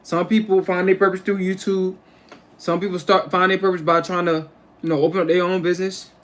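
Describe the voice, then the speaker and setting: Man, livestream host, slightly high voice, rambling, repetitive, casual chat from home. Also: level tone, a little fast, fairly bright tone. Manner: rambling and repetitive, restarting phrases.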